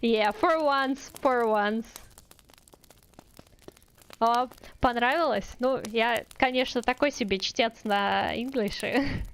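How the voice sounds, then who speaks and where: A chatty woman streamer with a Russian accent and a fairly high voice. She reads fairy tales and talks casually with many fillers. Her native language is Russian. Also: slow pace, slight background noise. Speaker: VTuber streamer. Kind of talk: casual livestream chat and fairy-tale reading.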